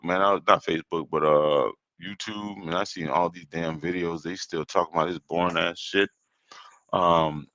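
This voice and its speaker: A man's voice: low-pitched, pushed and bright, no room sound. Heated, swearing Caribbean-born podcast man. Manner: heated, swearing, rambling with repeats. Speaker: podcast host. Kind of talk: profane solo rant. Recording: dull lo-fi dry recording.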